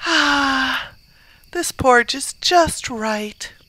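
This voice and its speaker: A woman's voice: high-pitched, animated, very slow, sharp tone, full character voice. A woman voicing a fussy little girl in a storybook reading, with a whiny edge to her lines. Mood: content. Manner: whiny, then sighing contentedly. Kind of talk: storybook read-aloud.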